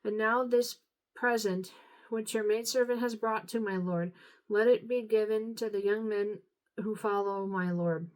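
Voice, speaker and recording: A tired woman reading scripture aloud, unhurried, now and then stumbling and apologizing. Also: medium pitch, fairly even intonation, rough recording. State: tired, yawning. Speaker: Bible reader.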